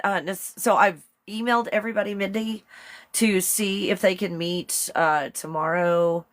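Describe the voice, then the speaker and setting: A woman hosting a casual live-stream show, chatty and excitable, rambling along and laughing often. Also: medium pitch.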